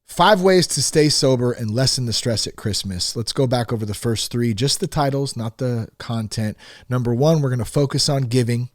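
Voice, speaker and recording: Male podcast host, casual and chatty, self-deprecating, plain mid-pitched voice, dry close sound. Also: moderate pace, dry recording. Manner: conversational and self-deprecating, with many fillers. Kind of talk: casual solo podcast talk. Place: home in Northern California.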